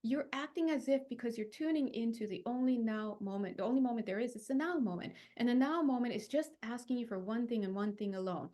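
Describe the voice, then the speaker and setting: A young woman leading a spiritual healing talk, chatty and animated, with many fillers and restarts. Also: a little high, quick pace, hardly any pauses. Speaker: spiritual teacher.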